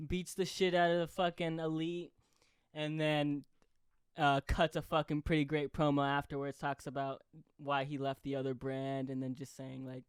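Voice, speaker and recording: A young man hosting a podcast, chatting excitedly, swearing constantly and yelling when he relives big moments. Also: a little high, measured pace, clean tone, dry recording, studio quality. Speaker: podcast host. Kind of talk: excited casual chat.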